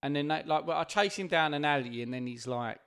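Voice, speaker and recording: Giggly podcast host, higher voice. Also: male voice, a little fast, fairly bright tone, clear, resonant tone. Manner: laughs often, crude jokes, rambling. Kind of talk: casual comedic chat.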